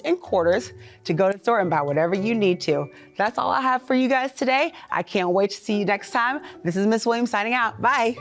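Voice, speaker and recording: Cheerful woman teacher, soft music behind. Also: medium pitch. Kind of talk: children's lesson.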